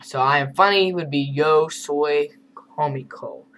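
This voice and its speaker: A man's voice: on the high side, unhurried, fairly bright tone, slight background noise, rough recording. A man teaching a beginner Spanish lesson over a screen recording, explaining in a casual, chatty way with asides.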